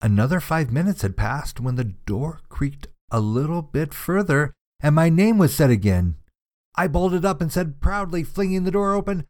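A man narrating listener-submitted ghost stories in a measured, suspenseful reading style. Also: fairly high pitch, animated, darkish tone. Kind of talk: scripted storytelling narration.

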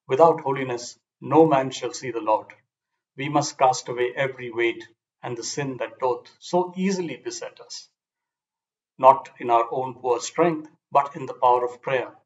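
A man reading a nineteenth-century moral story aloud in an earnest, measured storybook manner. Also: medium pitch, poor audio. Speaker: audiobook reader. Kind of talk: scripted narration.

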